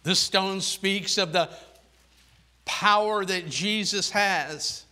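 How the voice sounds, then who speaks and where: A man delivering a sermon at an unhurried pace, his voice bright and a little high for a man. He swings between soft, low-voiced phrases and raised, emphatic ones, and reads scripture aloud in old-fashioned wording. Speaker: preacher.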